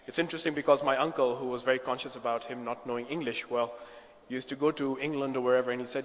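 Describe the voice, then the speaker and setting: A man's voice: mid-range voice, fairly even intonation, fast. Man emceeing a conference in a reverberant hall. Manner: conversational, with fillers and polite asides. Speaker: conference moderator. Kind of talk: introducing speakers. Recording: echoey hall, long reverb.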